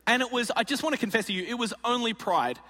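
A man's voice: extremely high pitch, expressive, fast, pushed and bright, long reverb tail. A man preaching, telling a comic story and acting out the voices of the people in it. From Australia. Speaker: pastor. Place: large auditorium.

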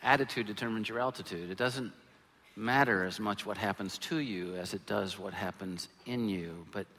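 A man preaching a sermon as pastor, earnest, moving between quiet lines and loud emphatic ones. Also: on the low side, normal speed, a little hiss or hum. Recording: long hall reverb.

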